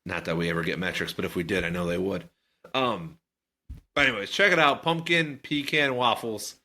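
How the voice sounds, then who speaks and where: A man's voice: fairly low pitch, brisk, bright, forceful tone. A man co-hosting a podcast, chatting in a rambling, joking way. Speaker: podcast co-host. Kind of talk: casual chat.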